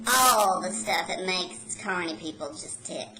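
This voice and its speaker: A woman's voice: fairly low pitch, animated, unhurried, background noise. A woman playing a brash, rebellious carnival worker, telling a rambling folksy story as a comedy character monologue.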